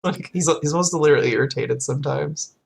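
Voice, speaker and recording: A young man co-hosts a casual podcast chat, with a gravelly texture to his slightly high voice. He talks in an animated way, slipping into quotes and laughing often. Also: quick pace. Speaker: podcast co-host.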